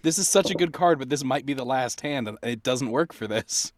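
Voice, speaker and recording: A player keeping score in a casual card game with friends, talking in an animated, exclaiming way. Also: mid-range voice, fairly quick, no echo.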